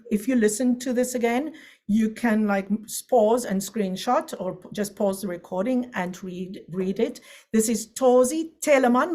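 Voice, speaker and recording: A woman's voice: medium pitch, darkish tone. Chatty woman lecturing on singing. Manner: chatty and digressive, with frequent fillers and restarts. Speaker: voice teacher. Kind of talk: online music lecture.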